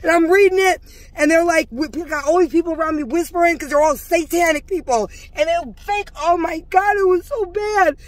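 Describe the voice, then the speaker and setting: A woman vlogger with an extremely high voice, talking a little fast on a dry recording, intensely recounts a church confrontation to her viewers. She's agitated and preachy, addressing them as y'all in an emotional first-person account.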